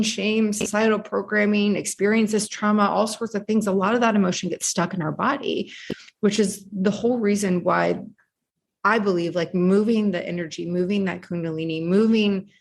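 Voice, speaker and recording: A woman from Virginia, a podcast guest and author, speaking in a heartfelt, expressive way and often asking "right?". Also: medium pitch, gravelly, slightly rough. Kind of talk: casual interview talk.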